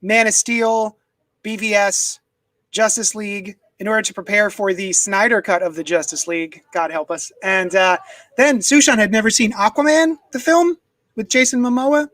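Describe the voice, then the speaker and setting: A man's voice: high voice, moderate pace, fairly bright tone, no room sound, low-quality recording. A man casually chatting on a live stream from his home desk, rambling and reading viewer comments aloud into a desk microphone. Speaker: comics unboxing streamer.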